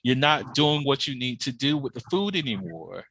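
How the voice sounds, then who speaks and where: Animated, profane man hosting a podcast. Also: mid-range voice, normal speed, breathy edge. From Georgia, USA. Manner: animated, profane, laughing storyteller. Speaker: podcast host. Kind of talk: casual chat.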